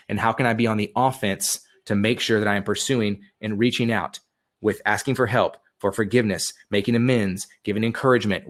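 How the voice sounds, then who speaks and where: A man giving an energetic motivational webinar talk from home, repeating questions to coach his listeners. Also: fairly low pitch. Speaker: webinar speaker. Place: home room with a dog.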